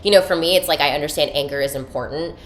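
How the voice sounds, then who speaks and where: A young woman hosting a podcast in a casual, animated style, swearing freely and using many fillers. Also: low voice, rapid-fire, a little hiss or hum. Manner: animated, chatty, profane, filler-heavy. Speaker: podcast host. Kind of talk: casual spiritual podcast chat.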